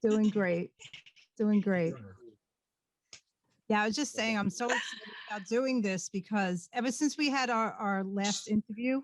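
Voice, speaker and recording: A woman's voice: mid-range voice, measured pace, no room sound. A woman with a Brooklyn accent hosting a casual interview over a video call, chatty and effusive with hesitant restarts. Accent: Brooklyn New York. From Brooklyn, New York. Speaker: talk show host.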